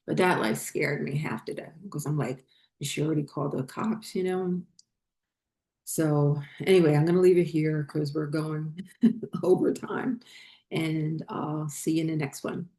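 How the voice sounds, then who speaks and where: A woman's voice: low-pitched, steady tone, measured pace, warm tone, roomy sound. A woman hosting a spiritual channel, telling a personal story in a rambling, casual way with many fillers and restarts.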